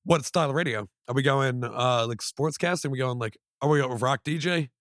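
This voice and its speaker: A man's voice: medium pitch, fairly quick, a bit bright, no echo, studio quality. A man co-hosting a podcast, joking and rambling in casual banter. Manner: joking, rambling, puts on voices. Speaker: podcast co-host.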